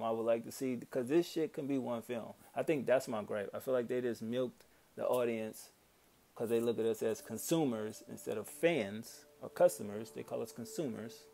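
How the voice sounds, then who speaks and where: A man's voice: mid-range voice, gravelly. A man giving a casual, profane movie rant on his vlog, exasperated, often acting out his own past reactions. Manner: profane, exasperated, animated quoting of himself. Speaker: vlogger.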